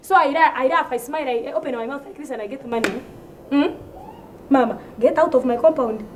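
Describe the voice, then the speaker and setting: Ugandan English-accented woman comic, high voice, indignant rant, repeats herself. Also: a little fast, a little hiss or hum. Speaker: comedian. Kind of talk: comedy sketch.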